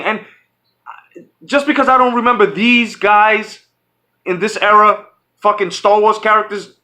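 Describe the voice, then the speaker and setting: A man delivers a furious, profanity-laced rant to his channel's audience. His voice sits high and sounds bright and sharp. He trips over his own words, repeats phrases and starts sentences over as he vents. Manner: profane, heated, repetitive; restarts and stumbles often. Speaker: channel host. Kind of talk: angry fan rant.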